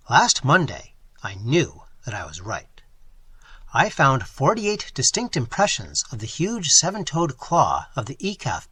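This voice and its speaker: A man voicing a mild, fatherly older male professor who lectures gently in an audiobook. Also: fairly high pitch, slightly rough, dry recording, full character voice.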